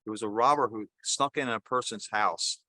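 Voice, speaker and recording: Older priest telling stories conversationally. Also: male voice, on the low side, moderate pace, bright, forceful tone, no echo. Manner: conversational, rambling, self-correcting. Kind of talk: sermon with jokes and storytelling.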